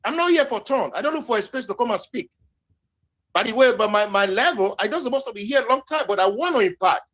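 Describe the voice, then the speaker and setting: A man's voice: extremely high pitch, expressive, quick pace, fairly bright tone. A man with a Nigerian accent, speaking heatedly and repeating points in a live social media audio chat. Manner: heated, emphatic, repeats himself.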